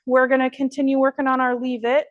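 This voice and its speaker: A woman dog trainer leading an online class, explaining steps and praising her dog in a high, happy voice between instructions. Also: flat delivery, quick pace, narrow, tinny audio.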